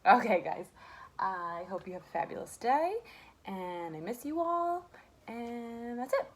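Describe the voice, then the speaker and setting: A woman's voice: fairly high pitch, big pitch swings, unhurried. Sing-song woman teaching kindergarten. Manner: sing-song, encouraging, asks rhetorical questions. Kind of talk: remote lesson to young children.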